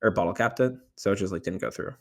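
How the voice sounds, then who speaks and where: Talking quickly in a low voice, the young tournament winner gives a rambling, casual interview full of fillers. Retelling his moments of panic, he gets animated.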